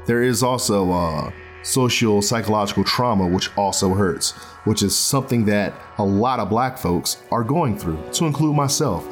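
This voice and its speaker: A man's voice: medium pitch, normal speed, soft background music. A man hosting a casual solo podcast from his bedroom, talking in a loose, rambling way with many fillers and restarts. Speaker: podcast host. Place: bedroom at home.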